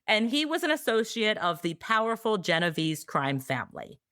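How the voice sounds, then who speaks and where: A woman co-hosting a podcast, telling history in a casual, sarcastic, animated way. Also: mid-range voice, moderate pace, no echo, clean studio sound. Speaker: podcast co-host.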